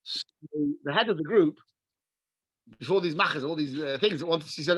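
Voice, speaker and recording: An English man, a rabbi, teaching a class over a video call and telling stories in an animated way, with Hebrew and Yiddish words mixed in. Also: on the high side, moderate pace, dry recording, low-quality recording. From England. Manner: animated storyteller, mixes in Hebrew and Yiddish terms. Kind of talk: Torah class with storytelling.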